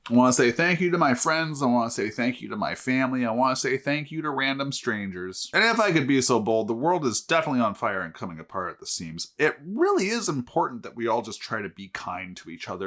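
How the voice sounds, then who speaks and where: A man hosting a casual beer review vlog who tells jokes in a deadpan way and swears freely. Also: medium pitch, brisk, few pauses. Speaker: host.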